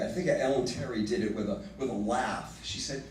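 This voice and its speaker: A man teaching a livestreamed literature lesson, animated and reading verse slowly and dramatically. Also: lowish voice, slight background noise. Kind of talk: livestreamed lecture. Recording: roomy, from far off the mic.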